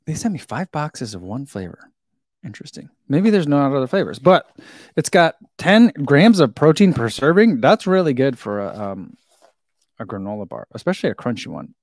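A chatty man talking casually through an unboxing, his pitch rising and falling a lot. He giggles easily and talks between bites. The sound is close and dry, with no room around it. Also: sing-song, moderate pace, darkish tone, no room sound. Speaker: vlogger reviewing a snack.

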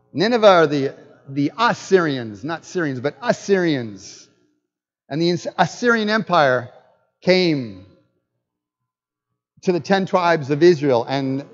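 High-voiced male preacher in an echoing hall. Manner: animated, joking preacher who asks the audience questions. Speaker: guest pastor. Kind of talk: sermon. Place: church hall. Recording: dull lo-fi with long hall reverb.

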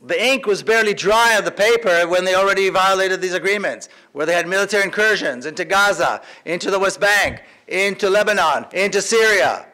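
A man's voice: high voice, fairly quick, few pauses, sharp tone. A man giving an impassioned public speech in a large lecture hall, emphatic and repeating phrases for force. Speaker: activist speaker.

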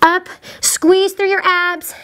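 Breathless high-voiced woman coaching a workout. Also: little pitch movement, slow pace, a bit bright. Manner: encouraging, breathless cues between exercises. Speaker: fitness instructor. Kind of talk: workout coaching while exercising.

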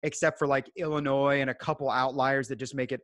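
A man guesting on a podcast, giving calm, measured advice in casual chat. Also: mid-range voice, no echo. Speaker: guest home inspector.

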